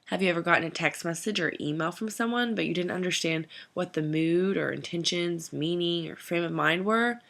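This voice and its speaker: A woman giving a scripted educational narration as an instructor, reading out lists of terms in a measured way. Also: on the low side, creaky, fairly bright tone.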